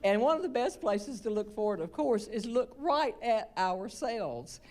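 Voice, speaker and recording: A woman's voice: fairly high pitch, lively intonation, measured pace, darkish tone. A woman with a Southern American accent doing stand-up, telling a folksy, chatty story and teasing the audience. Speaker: humorist.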